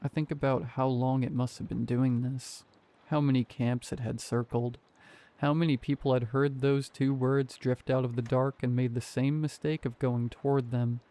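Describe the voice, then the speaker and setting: A man reading a horror story aloud as scripted narration, in a calm, measured way. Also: mid-range voice.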